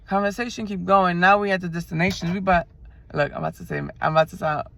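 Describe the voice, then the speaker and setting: A woman in her twenties from New York, with a New York accent, chatting in a car and telling a story in an animated, slangy way, acting out the people she quotes. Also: on the low side, fast, creaky, no room sound. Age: 20s. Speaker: vlogger. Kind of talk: casual storytelling chat. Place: inside a car.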